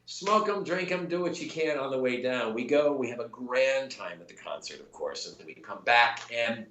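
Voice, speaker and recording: Animated man telling a story, roomy echo. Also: medium pitch, moderate pace, dull audio, a little hiss or hum. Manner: animated, many restarts and quoted voices. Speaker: actor guest. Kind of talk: casual storytelling.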